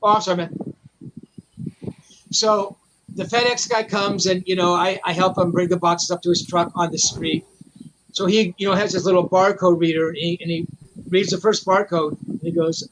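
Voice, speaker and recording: A man telling a long, profane, animated story in a casual chat. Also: high voice, normal speed, noisy background. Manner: profane, animated anecdote teller. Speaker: memorabilia collector guest.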